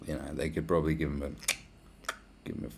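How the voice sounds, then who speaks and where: A man's voice: a bass voice, little pitch movement, quick pace, gravelly, darkish tone, a little hiss or hum. A man, hosting a podcast in a crude, blunt, rambling solo rant full of swearing and sarcasm. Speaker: podcast host.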